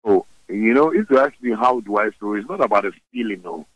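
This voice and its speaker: A man with a Ghanaian English accent, a guest in a radio interview, talking in a forceful, animated way and switching languages mid-sentence. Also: fairly low pitch, brisk, highs cut off.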